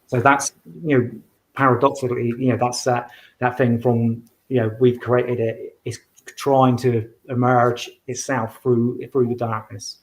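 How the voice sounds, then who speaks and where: A man's voice: mid-range voice, level tone, unhurried. A man talking as a guest in a casual interview, rambling with frequent restarts and fillers. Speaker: guest, medium and author. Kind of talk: casual conversation.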